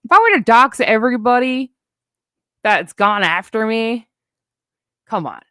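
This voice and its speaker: A woman's voice: a little high, animated, unhurried, a bit bright, no echo, studio quality. A woman in a heated, profane livestream rant, sarcastic as she calls out her online critics. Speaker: streamer addressing online critics.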